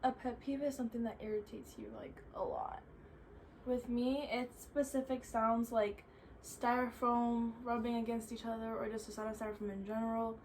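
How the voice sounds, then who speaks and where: A fairly high-pitched young woman chats loosely through viewer questions, dropping "like" into nearly every sentence. A faint hum of room noise sits behind her. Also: level tone, normal speed. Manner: chatty, filler-heavy with frequent "like". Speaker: vlogger answering viewer questions. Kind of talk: casual chat.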